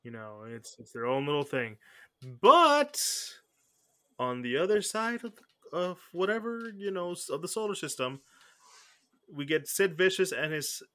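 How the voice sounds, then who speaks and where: A man's voice: on the high side, fairly bright tone. A man hosting a podcast, chatting casually and often restarting his sentences. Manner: rambling, self-correcting, frequent restarts. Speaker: podcast host. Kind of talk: casual chat.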